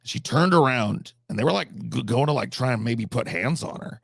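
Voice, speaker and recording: Gravelly, profane storytelling man. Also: medium pitch, expressive, moderate pace, no echo, clean studio sound. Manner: rambling, profane, conversational. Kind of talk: comedic storytelling.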